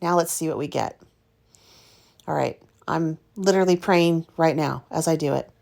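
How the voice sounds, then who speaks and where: A woman's voice: low-pitched, normal speed, creaky, a little mellow. A woman hosting her craft video, talking casually and candidly to viewers about her frustration with the work. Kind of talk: casual chat narrating her art process.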